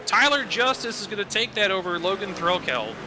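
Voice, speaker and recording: A man giving steady, analytical co-commentary on an online truck race. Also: high-pitched, brisk, background noise. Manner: steady, analytical calling of positions and points. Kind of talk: sim racing color commentary.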